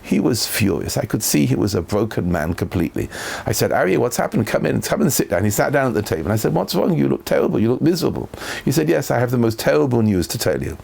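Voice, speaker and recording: A man's voice: fast, vocal fry, slightly rough. A man, a rabbi, giving a Torah lecture full of stories and acting out the voices of the people in them. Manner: animated storyteller, acting out quoted voices with big pitch jumps.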